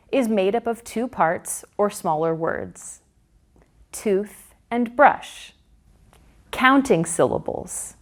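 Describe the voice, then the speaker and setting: A woman's voice: mid-range voice, darkish tone. A woman narrating a scripted phonics lesson, stressing each example word as she walks through the steps. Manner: slow, deliberate, sing-song stress on example words. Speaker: literacy instructor.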